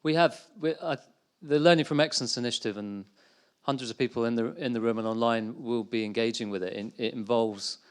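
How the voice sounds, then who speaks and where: A man's voice: mid-range voice, brisk, clear, resonant tone. A man hosting a conference Q&A and asking a question hesitantly, with many fillers. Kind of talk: casual conference Q&A.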